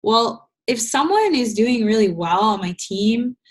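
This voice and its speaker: A woman's voice: on the high side, lively intonation, measured pace. A young adult woman leading a casual group coaching call, candid and emotional, full of fillers and restarts, fighting back tears. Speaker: business coach.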